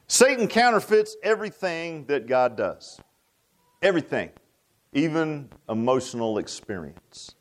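Man, high-pitched, pastor preaching a sermon, folksy, repeats himself, rhetorical asides. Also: sing-song, a little slow.

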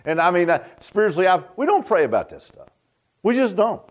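A man's voice: sits high, sing-song, brisk, dull audio. A man preaching a sermon, folksy and joking, often asking the congregation questions. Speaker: pastor.

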